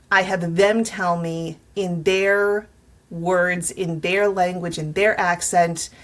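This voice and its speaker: Woman, middle school teacher, advice vlog, upbeat, encouraging, mid-pitched, talks straight to other teachers.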